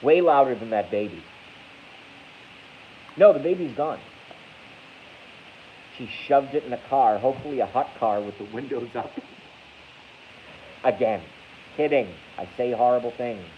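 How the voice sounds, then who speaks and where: A little slow and prone to frequent pauses, this livestream host speaks in an animated, medium-pitched voice. He rambles casually, jokes crudely at his own expense, and reads chat aloud. Dull lo-fi audio carries a faint hiss.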